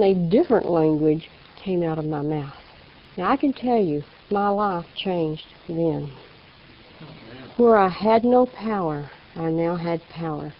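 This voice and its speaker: A woman giving a personal faith testimony in a folksy storytelling way, acting out the people in her story. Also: on the low side. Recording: slightly dull lo-fi recording.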